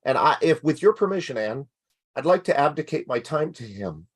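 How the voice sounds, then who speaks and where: A man's voice: fairly high pitch, big pitch swings, moderate pace, husky. Polite, hesitant middle-aged man. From Canada. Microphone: video call.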